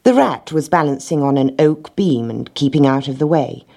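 Husky low woman reading a storybook. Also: moderate pace, dark tone. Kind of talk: storybook read-aloud.

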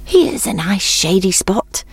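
A woman voicing a boastful young male hare who mocks and talks quickly. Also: mid-range voice, breathy edge, no room sound, heavily acted. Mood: lazy, smug. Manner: mocking, lively, quick-talking.

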